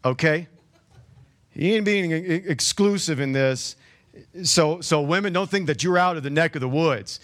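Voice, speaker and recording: Joking, stammering preacher, slightly high voice. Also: male voice, moderate pace. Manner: conversational, joking asides to the congregation; stumbles and repeats words. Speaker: pastor. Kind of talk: sermon.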